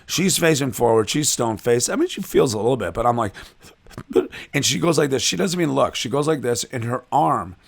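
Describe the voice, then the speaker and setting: A man from Chicago, a comedian guest, telling animated and self-deprecating stories in a casual interview. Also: mid-range voice, brisk, vocal fry, husky.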